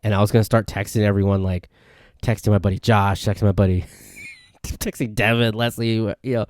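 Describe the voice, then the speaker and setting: A man's voice: on the low side, steady tone, quick pace, a little mellow, dry recording, studio quality. A man hosting a casual solo podcast, telling rambling stories and often correcting himself. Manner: rambling, self-correcting storytelling. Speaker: podcast host. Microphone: podcast mic.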